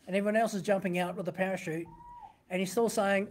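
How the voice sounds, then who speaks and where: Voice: medium pitch, level tone, quick pace, darkish tone, a little hiss or hum. A pastor giving a sermon, teaching conversationally from a printed text and often asking the listeners rhetorical questions.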